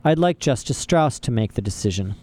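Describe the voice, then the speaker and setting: A man's voice: medium pitch, lively intonation, brisk, mellow, lightly acted. A man voicing a fussy, middle-aged male banker who sounds flustered and indignant in a storybook.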